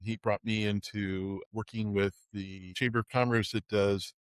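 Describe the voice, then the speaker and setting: A middle-aged man from the Bay Area who plays Santa, telling stories in a casual fireside chat, halting and emotional, with many restarts. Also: lowish voice, little pitch movement, clean tone, no room sound. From Bay Area, California. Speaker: Santa performer, host.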